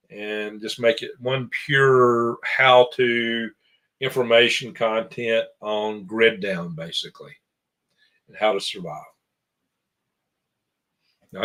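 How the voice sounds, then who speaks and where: Speaking in a fairly low, bright, forceful voice, an American channel host talks loosely about his channels as a podcast guest. He chuckles often, wanders off track, and keeps correcting himself.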